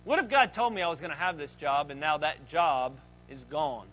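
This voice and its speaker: A man delivers a sermon as pastor, his voice sitting high and sounding bright and forceful. He moves between loud, fervent stretches and quiet, conversational asides, acting out voices and joking along the way. Faint music plays beneath him. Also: moderate pace. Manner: dynamic preaching, acts out disciples' voices, jokes.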